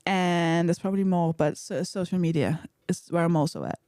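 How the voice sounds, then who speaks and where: A woman's voice: on the low side, normal speed, mellow, no echo, studio quality. A woman from Denmark, a comedian guest chatting casually, laughing often and swearing lightly. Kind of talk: casual chat.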